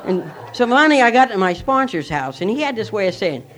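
A man's voice: sits high, sing-song, a little fast, crowd noise, noisy background. A man sharing a personal recovery story with a candid, self-mocking manner. He rambles, using many fillers and restarts.

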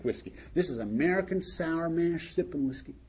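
A man voicing his old drinking buddy, a gruff and bossy middle-aged man who scolds and lectures. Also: a little high, lively intonation, moderate pace, darkish tone, natural voice. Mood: scolding. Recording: dull lo-fi recording with faint hiss.

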